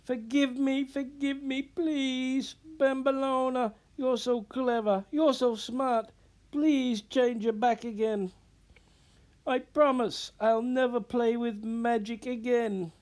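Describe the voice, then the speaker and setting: A man's voice: sits high, slow, a little mellow, pitched above the performer's own voice. A man reading a storybook aloud, voicing a clumsy young man disguised as a girl, pleading and wailing. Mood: frantic.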